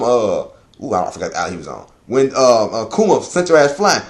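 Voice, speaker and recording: A man giving a casual, rambling manga chapter review, swearing often, laughing a lot and jumping into high excited exclamations. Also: normal speed.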